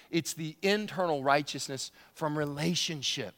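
A man's voice: fairly high pitch, lively intonation, moderate pace, hardly any pauses, fairly bright tone, long reverb tail. A male pastor preaching a sermon in a conversational way, often repeating words and chuckling.

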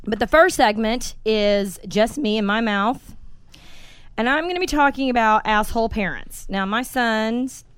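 A woman's voice: a little high, a little slow, clean tone, dry recording, clean studio sound. Blunt, swearing woman podcast host. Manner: animated, blunt storytelling with swearing. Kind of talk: casual podcast chat.

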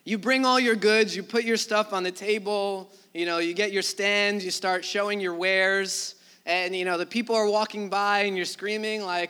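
High, bright-voiced male preacher. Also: moderate pace, clean tone. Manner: conversational, animated storytelling with acted asides. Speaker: pastor. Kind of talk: sermon.

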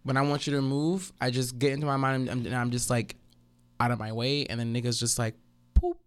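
A man co-hosting a casual chat show, telling stories in a blunt, animated way. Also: medium pitch, fast talker, smooth, no echo. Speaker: podcast co-host.

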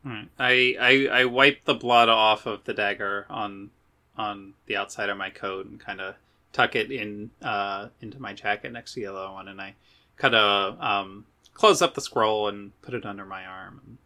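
A man playing a tabletop game, speaking casually and stopping and starting as he describes what his character does. His voice is bright and forceful. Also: lowish voice. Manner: casual, halting. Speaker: player.

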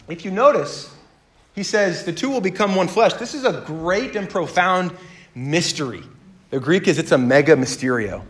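A man in his thirties preaching a sermon, telling stories with lively acted-out dialogue that swings his voice up and down. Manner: animated storyteller, acts out dialogue with big pitch jumps. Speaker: pastor.

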